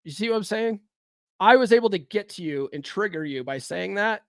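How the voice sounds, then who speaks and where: Brisk and expressive, a man with a high, fairly bright voice hosts a podcast by himself, talking about dating and self-improvement in a casual, blunt, profane way. He often asks his audience "right?" and confronts them with rhetorical questions. The sound is clean studio audio with no echo.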